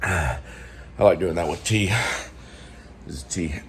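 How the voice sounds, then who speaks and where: Rambling low-voiced man thinking aloud. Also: slow, a little hiss or hum. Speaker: filmmaker and show host. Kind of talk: casual production meeting talk.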